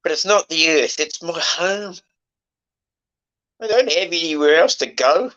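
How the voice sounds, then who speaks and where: A man in his sixties in casual conversation, emotional and halting, swearing often as he talks. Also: fairly high pitch, fairly bright tone, lo-fi sound. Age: 60s.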